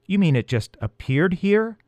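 A young boy asks questions in a slightly raised, lively voice, as a man reading a storybook puts him on. He sounds curious and a bit grumpy at being woken. The read is close and dry. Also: high voice, normal speed, dry recording, pitched above the performer's own voice. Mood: questioning.

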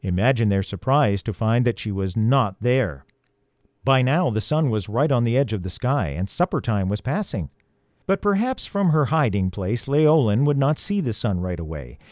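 A man reading a chapter of a children's storybook aloud, expressive and gently paced. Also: medium pitch, normal speed, dry recording, clean studio sound. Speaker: audiobook reader.

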